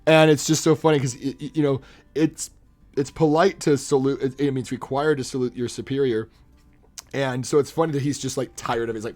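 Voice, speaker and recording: A young man chatting casually on a live stream, animated, laughing often and slipping into quick impressions. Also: mid-range voice.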